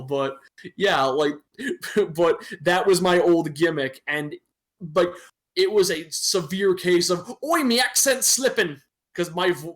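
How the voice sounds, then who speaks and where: A man's voice: on the high side, a bit bright. A young man from Michigan, casually chatting on a podcast stream, joking and laughing at himself. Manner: laughing, self-mocking, profane. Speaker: podcast co-host. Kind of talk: casual chat. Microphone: desktop microphone on a stream.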